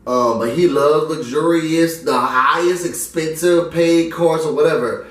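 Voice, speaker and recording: A man's voice: fairly high pitch, unhurried. A young man from New York telling a story casually and animatedly, acting out the other people's lines. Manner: animated, acts out the voices in his story. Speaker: vlogger. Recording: roomy, mic at a distance.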